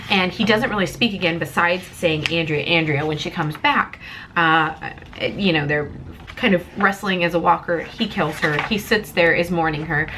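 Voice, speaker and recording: Young female vlogger, emotional and rambling, on the verge of tears; lowish voice, faint background noise. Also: fairly even intonation, moderate pace. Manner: emotional, rambling, tearful at times. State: close to tears. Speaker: comic book reviewer. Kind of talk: casual vlog review.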